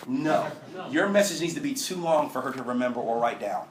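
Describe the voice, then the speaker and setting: A man telling a lively story to a live audience and acting out the dialogue. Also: mid-range voice, a little fast. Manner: animated, acts out dialogue from his story. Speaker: admissions director giving a talk. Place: large hall with an audience. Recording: roomy hall, voice from far off, noisy.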